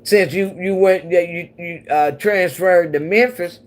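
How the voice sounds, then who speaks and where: Slow and somewhat dark, with a pitch on the low side, this woman's voice carries a casual livestream. She's from the central US, Missouri and Oklahoma, and she rambles along with viewers while laughing a lot.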